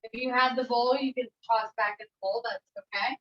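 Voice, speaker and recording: A woman's voice: a little high, steady tone, fairly quick. A woman executive chef giving a chatty, step-by-step cooking demonstration in a kitchen. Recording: roomy, slightly dull sound.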